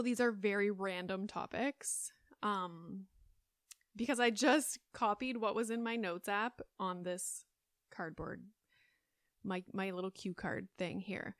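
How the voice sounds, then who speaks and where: A woman's voice: mid-range voice, takes it slowly, long pauses, no room sound. A woman in her thirties hosting a solo podcast, chatting in a rambling way with lots of fillers, close on the mic. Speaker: podcast host. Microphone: close studio mic.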